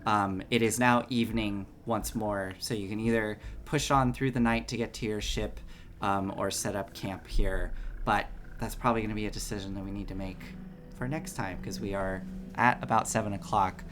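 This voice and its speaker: A man running a tabletop game stream as game master, relaxed and full of fillers. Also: lowish voice, moderate pace, noisy background.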